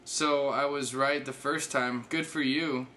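A man's voice: medium pitch, fairly even intonation, a little slow, pushed and bright. A man voicing a sarcastic young woman texting on a dating app, with a dry, teasing delivery.

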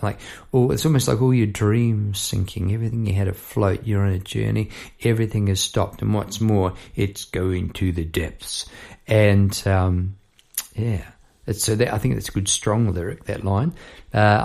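Aussie podcast guy rambling about lyrics, low gravelly voice, lots of restarts. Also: expressive, normal speed, a little mellow. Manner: musing, rambling, thinks aloud with restarts. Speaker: podcast host. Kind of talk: reflective solo talk on songwriting.

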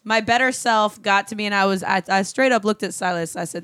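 A woman telling a work story on a podcast in a casual, profane, animated way, laughing often. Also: medium pitch, brisk, clean tone, no echo. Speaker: show regular and guest co-host. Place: podcast studio.

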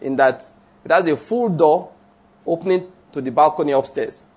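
Male preacher, sermon, high-pitched voice, husky tone, slow deliberate scripture reading. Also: a little mellow. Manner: conversational, asks the congregation questions; reads scripture slowly and deliberately.

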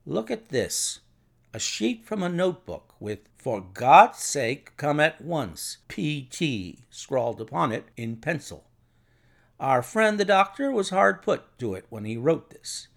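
A man voicing Sherlock Holmes, brisk and urgent. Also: a little high, very animated, full character voice. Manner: crisp, urgent, authoritative. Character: Sherlock Holmes, brisk, clipped male detective.

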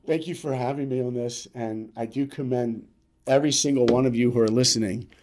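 A man as a podcast guest telling a motivational story, emphatic and repetitive, swinging between loud and hushed. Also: mid-range voice, steady tone, a little fast, slight background noise.

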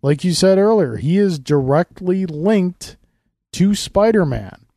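A man's voice: sits high, animated, slow, vocal fry, warm tone, no room sound, studio quality. A man co-hosting a casual comics podcast, explaining at length in a rambling way with frequent restarts. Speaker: podcast co-host. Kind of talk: casual chat.

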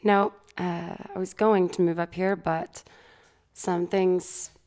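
A woman's voice: lowish voice, little pitch movement, takes it slowly, a little mellow. A young woman, a singer chatting easily as a podcast guest, laughing often. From Texas. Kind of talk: casual interview chat. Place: home studio.

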